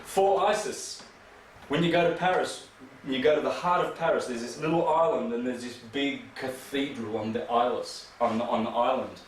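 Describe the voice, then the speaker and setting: A man's voice: medium pitch, moderate pace. A man giving a rambling, emphatic lecture full of rhetorical questions. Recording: echoey room from far off, faint noise.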